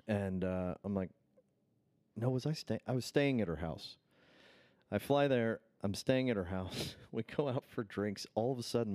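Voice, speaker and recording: A lively podcast co-host from Indiana whose voice sits on the lower side for a man. He tells stories with plenty of swearing and acts out each person he quotes. The sound is dry and close. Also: no room sound. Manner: animated storyteller, swears freely, acts out quotes. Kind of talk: casual chat, storytelling.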